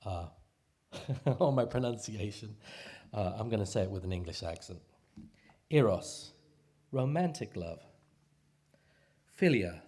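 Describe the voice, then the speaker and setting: A man giving a casual, joking sermon to his community, pausing often with fillers and restarts. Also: on the low side, warm tone, husky. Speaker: speaker at a spiritual community service.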